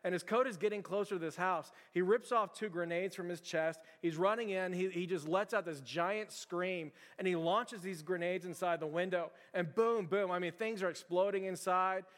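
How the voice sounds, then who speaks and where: A man preaching a sermon as pastor, telling stories in an animated, conversational and emphatic way. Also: high voice, normal speed, hardly any pauses, long reverb tail.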